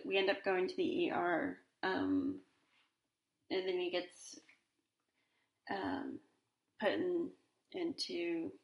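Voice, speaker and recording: A woman's voice: medium pitch, reverberant. A woman in her forties hosting a solo podcast in a casual, rambling way, with many fillers and restarts. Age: 40s. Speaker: podcast host.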